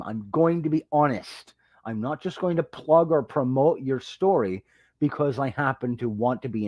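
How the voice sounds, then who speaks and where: A man hosting a casual livestream, telling a story in a lively way and greeting viewers as they join. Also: no echo. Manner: animated storytelling, jumps high when quoting people. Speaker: livestream host and fantasy author. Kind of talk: casual rambling livestream chat.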